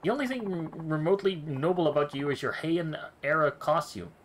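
A man's voice: a little high, a little fast, a little hiss or hum, pitched above the performer's own voice, natural voice. A man voicing a blunt male fighter who answers with sarcastic disbelief. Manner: sarcastic, incredulous.

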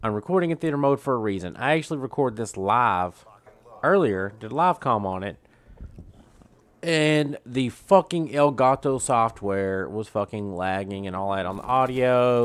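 A man's voice: fairly low pitch, smooth. A male gaming channel host giving a profane, ranting, exasperated gameplay commentary.

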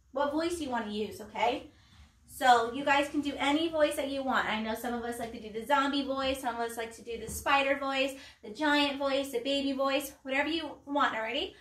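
A woman teaching a pre-K class from home, speaking slowly and clearly, with an encouraging manner and simple songs. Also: high-pitched, fairly bright tone, far from the mic. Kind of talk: remote circle-time lesson. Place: room at home. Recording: echoey room, voice away from the mic.

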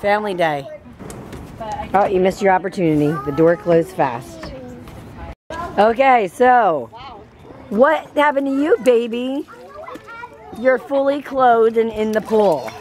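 A woman's voice: medium pitch, animated, measured pace, long pauses, a little mellow. A young woman narrating a family vlog outdoors at a backyard pool, chatting to viewers with lots of "like" fillers. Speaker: family vlogger.

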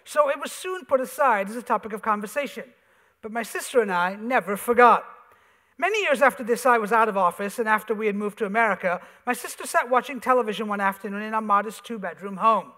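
A man, an author, reading his comic essay aloud on a theater stage with wry, animated storytelling. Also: high voice, fast talker. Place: theater stage before an audience. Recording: reverberant theater hall.

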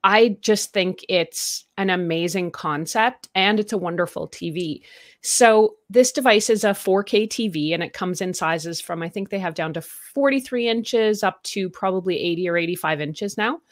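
A woman's voice: mid-range voice, moderate pace, dry recording, clean studio sound. A woman with a Canadian accent, a tech reviewer chatting as a guest and explaining products in a friendly, thoughtful way. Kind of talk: casual interview chat.

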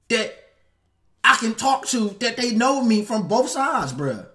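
A man's voice: very high voice, unhurried. A man hosting a live stream, talking casually in African American Vernacular English, slangy and repetitive. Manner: slangy, animated, repeats himself. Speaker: host.

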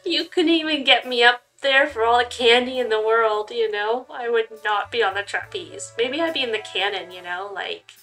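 A woman's voice: on the high side, moderate pace, few pauses, fairly bright tone, faint music behind. Giggly, chatty woman playing a story game. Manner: giggly, chatty, lots of likes and you-knows. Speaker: gaming channel host. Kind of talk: casual game playthrough commentary and reading aloud.

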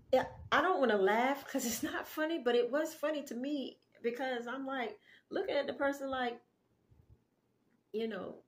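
A woman casually telling a dream story in an animated, chatty way, full of asides. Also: a little high, normal speed. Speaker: faith vlogger sharing a dream.

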